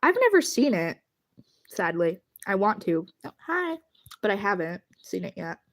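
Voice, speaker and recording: A woman's voice: mid-range voice, big pitch swings, normal speed. A woman chatting casually on a livestream while drawing, rambling and giggling as she thanks her viewers.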